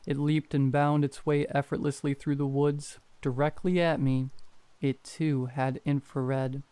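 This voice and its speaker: A man calmly reading horror stories aloud as a scripted narration. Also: a little high, unhurried, clean tone, no echo. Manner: calm, even reading.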